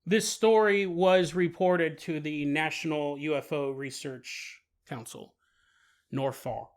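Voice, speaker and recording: A man hosting a podcast, narrating a paranormal story in an animated way and laughing as he goes. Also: a little high, a little slow. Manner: animated, laughs while telling. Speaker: podcast host.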